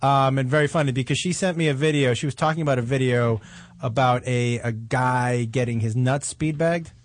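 A man's voice: medium pitch, brisk. A man co-hosting a radio talk show, chatting casually with his co-host and callers, joking and reading quotes aloud with laughter.

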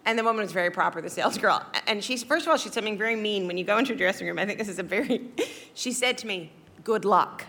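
Chatty comic woman guest, bright giggly voice, slight background ambience. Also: medium pitch, very fast, creaky, slight background noise. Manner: chatty, giggly, self-mocking. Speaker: guest storyteller. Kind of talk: comic anecdote on a talk show.

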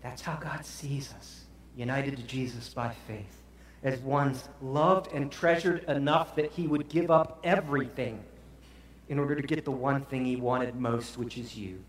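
A man preaching a sermon as pastor, telling a story dramatically and swinging from hushed to loud. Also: mid-range voice, steady tone, measured pace, heavy reverb, slight background noise.

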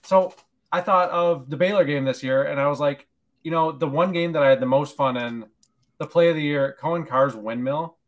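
A man's voice: on the high side, normal speed. A man appearing as a guest on a sports podcast, chatting casually and rambling, with lots of filler words and self-deprecating remarks.

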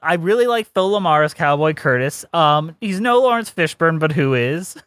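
A man's voice: fairly high pitch, animated, moderate pace, fairly bright tone, dry recording. A man co-hosting a podcast, chatting casually and giving strong opinions, laughing often. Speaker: podcast co-host. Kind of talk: casual chat.

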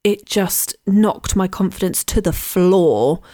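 A woman's voice: mid-range voice, takes it slowly, dark tone. A woman co-hosting a podcast, talking candidly and with animation, often laughing and repeating herself. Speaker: podcast co-host. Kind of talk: casual chat.

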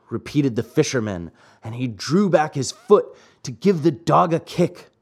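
A man hosting and narrating an audiobook of a classic fairy tale, reading in an expressive way. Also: on the high side, measured pace, husky. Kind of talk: storybook narration.

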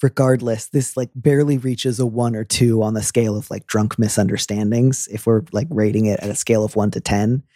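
Playful man with a dark voice. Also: fairly low pitch, steady tone, dry recording, clean studio sound. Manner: playful, joking, quick asides. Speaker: advice podcast host. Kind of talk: casual advice chat.

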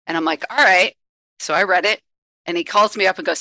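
A woman with a bright, crisp voice recounts a story with amused timing and small laughs. Her sound is close and dry. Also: fairly low pitch, fairly even intonation, a little fast, no echo, poor audio. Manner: amused, tells anecdotes with laughs. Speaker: voice actor on an after show panel. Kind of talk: casual storytelling.

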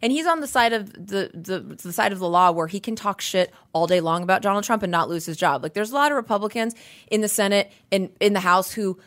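A woman's voice: mid-range voice, fast. A woman co-hosting a podcast, ranting in casual political chat, emphatic and profane. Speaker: podcast co-host.

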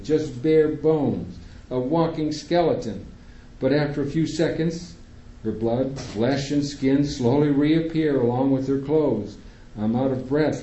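A man narrating a first-person audiobook in a measured, tense reading. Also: medium pitch, warm tone. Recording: roomy, slightly dull recording.

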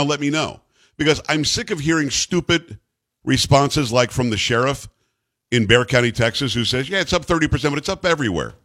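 A man's voice: mid-range voice, a bit bright, dry recording. A man hosting a talk radio show, delivering emphatic commentary full of repeated rhetorical questions into a studio microphone.

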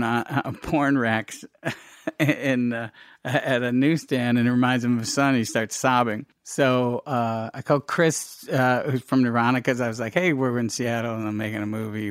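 A middle-aged man telling stories in a casual interview, animated, laughing often and acting out what people said. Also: medium pitch, moderate pace, dry recording, clean studio sound. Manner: animated storyteller, laughs often, acts out quotes. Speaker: filmmaker guest.

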